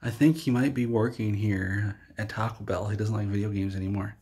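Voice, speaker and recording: A man's voice: lowish voice, steady tone, fairly quick, a little mellow, breathy edge. A man voicing an adult male games executive who is bringing serious news, in a comic story.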